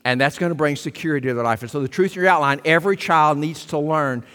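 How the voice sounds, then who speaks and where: A man preaching a sermon as pastor, emphatic and rising to loud exclamations. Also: fairly high pitch, quick pace. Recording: long reverb of a large hall.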